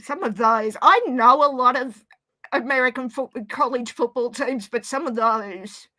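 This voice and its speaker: A woman with an Australian accent, chatting casually as a guest on a stream, joking and quick to apologise. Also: on the high side, sharp tone. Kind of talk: casual chat.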